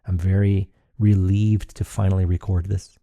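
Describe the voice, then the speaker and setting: A man's voice: low voice, little pitch movement, moderate pace, mellow, no echo, studio quality. A man hosting a solo podcast, rambling and thinking aloud with frequent restarts. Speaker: podcast host.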